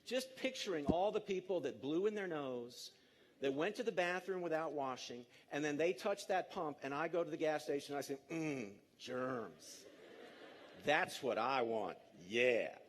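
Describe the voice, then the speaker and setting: Animated man giving a stage talk. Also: fairly high pitch, a little fast. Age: 50s. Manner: animated, jokey, coaxing the audience. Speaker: speaker. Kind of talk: live conference talk.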